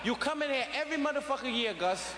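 A drunk, defiant father ranting with profane repetition, as a comedian acts him out. He is loud and high-pitched, and he repeats himself. The hall is echoey, with a long reverb and noise underneath. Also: animated, fast talker. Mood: belligerent drunk. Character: drunk middle-aged father, belligerent and defiant.

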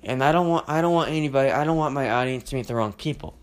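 A man's voice: medium pitch, fast. A man talks alone into his podcast mic, venting his feelings in long, rambling stretches. He stumbles, restarts and leans on fillers as he works through what's bothering him. His voice sits in an ordinary middle range. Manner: emotional and venting. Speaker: podcast host. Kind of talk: solo podcast monologue.

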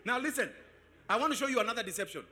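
High, animated preacher man. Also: very fast. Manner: preaching, rising into sung shouts, asks the crowd questions. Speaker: pastor. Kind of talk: sermon. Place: church service.

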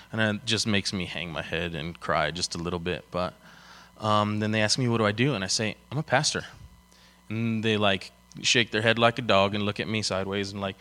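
A man's voice: fairly low pitch, brisk, sharp tone. A young man from Colorado, a pastor giving a casual sermon, chatty and full of fillers as he tells stories. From Colorado, USA. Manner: casual and chatty, many fillers, storytelling with acted quotes. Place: church.

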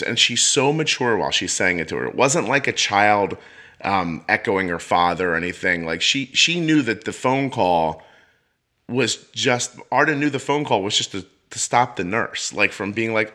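A middle-aged man with a bright, forceful voice that sits on the low side, telling a long story in an easy conversational way. He slips into the voices of the people he quotes, so his storytelling stays lively. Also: moderate pace. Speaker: podcast host. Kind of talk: casual storytelling chat.

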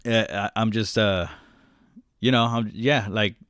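A man's voice: fairly low pitch, fairly even intonation, measured pace, a bit bright, clean tone, no room sound. Emotional rambling podcast guy, dry sound. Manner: emotional, rambling, swears often, laughs a lot. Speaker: podcast co-host. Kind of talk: casual podcast chat.

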